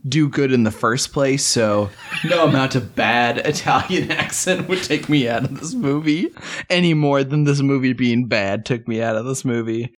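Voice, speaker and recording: A man's voice: medium pitch, normal speed. A man co-hosting a podcast in casual chat, joking, laughing often and swearing casually. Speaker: podcast co-host.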